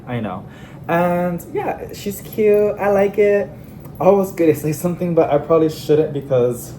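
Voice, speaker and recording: Chatty plant vlogger with excited squeals. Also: mid-range voice, slight background noise. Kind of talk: casual vlog chat. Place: home among houseplants.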